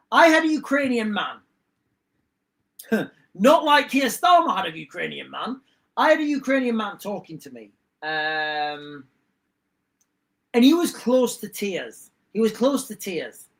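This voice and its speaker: A man's voice: sits high, fairly bright tone. Rambling man ranting on stream. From England. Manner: rambling, repeats himself, self-interrupting. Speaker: live streamer. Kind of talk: casual livestream rant.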